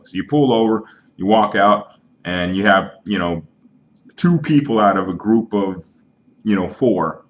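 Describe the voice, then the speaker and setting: A man with a fairly low voice talks straight into his webcam from home, earnest and argumentative. He builds his point through homespun analogies in loose, unscripted speech, and the webcam mic captures his voice in a plain indoor room. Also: normal speed, fairly bright tone. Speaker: vlogger. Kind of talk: casual webcam rant.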